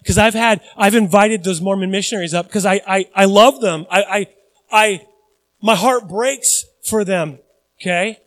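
A high-pitched man preaches a sermon with lively energy. He acts out the voices of Bible characters and drops in self-deprecating asides, often restarting mid-sentence. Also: moderate pace, no echo, poor audio. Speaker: pastor.

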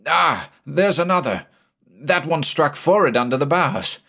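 A man voicing an irritable old ship's captain in a storybook reading, pitching his voice up and speaking in a demanding, exasperated way. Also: lively intonation, a little slow, sharp tone, full character voice. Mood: troubled.

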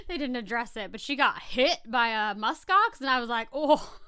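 A woman's voice: a little high, animated, normal speed, pushed and bright, clean tone. A woman with a Californian accent co-hosting a podcast, chatting casually and wandering off topic with frequent laughs. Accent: Californian English. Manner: chatty and digressive, laughs often. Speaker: podcast co-host. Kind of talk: casual chat.

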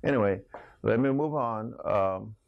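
A man's voice: fairly low pitch, unhurried, vocal fry, no room sound, narrow, tinny audio. A middle-aged man teaching a Bible class in a folksy sermon style, asking the class questions. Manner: folksy, laughs often, asks the class questions.

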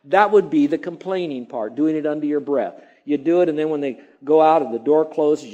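Pastor preaching an emphatic sermon, mellow voice. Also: male voice, on the high side, dull audio. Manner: emphatic, drawn-out stresses on key words; mimics grumbling sounds.

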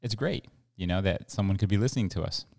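A man's voice: deep voice, fast, gravelly, a little mellow. A middle-aged man from El Paso co-hosting a podcast in casual, rambling chat with many fillers. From El Paso, Texas. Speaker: podcast co-host.

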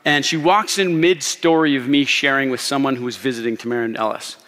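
A man in his thirties preaching a sermon in a church, telling a story in an animated way and laughing often. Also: mid-range voice, brisk. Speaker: pastor. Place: church sanctuary. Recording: long hall reverb.

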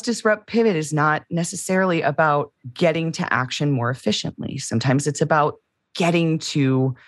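A woman with a notably low voice co-hosts a casual podcast. She talks candidly and reflectively, with a self-deprecating streak. The sound is dry and close, with no room echo. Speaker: podcast co-host.

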